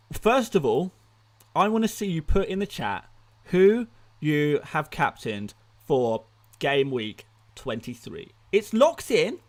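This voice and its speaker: A young man answers viewer questions on a live stream at a quick clip, often tripping over and repeating words as he rushes through them. His voice sits a touch higher than most men's. He keeps things chatty and informal, talking straight to his chat. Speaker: fantasy football streamer.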